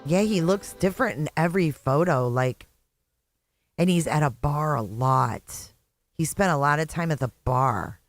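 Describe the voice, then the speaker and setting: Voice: medium pitch, animated, unhurried, faint music behind. Blunt, sarcastic middle-aged streamer host. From Indiana, USA. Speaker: channel host. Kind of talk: live reaction commentary.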